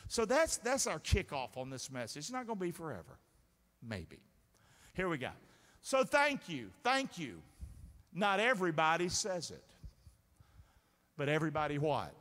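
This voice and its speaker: Animated, bright-voiced male preacher. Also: fairly high pitch, normal speed, long pauses. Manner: preaches with call-and-response questions. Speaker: pastor. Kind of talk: sermon. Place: church sanctuary. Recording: reverberant sanctuary sound.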